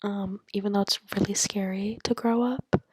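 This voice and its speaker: A nineteen-year-old woman talks into her laptop mic at home in the middle of the night, keeping her voice to a husky, breathy whisper at a middling pitch. She rambles candidly and jokes at her own expense. The sound is dry and close, with no room around it. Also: fairly even intonation, normal speed, no room sound. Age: 19, turning 20. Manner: mostly whispered, hushed; rambling, candid, self-mocking. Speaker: college student podcaster. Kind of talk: casual late-night monologue.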